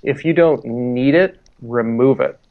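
A man's voice: mid-range voice, unhurried, vocal fry, narrow, tinny audio. A man speaking as an IT security guest on a podcast, explaining at an easy pace with fillers and everyday analogies. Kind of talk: casual podcast discussion.

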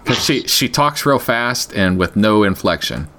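A fairly low-pitched man co-hosts a podcast, chatting casually. He's animated and quick to laugh.

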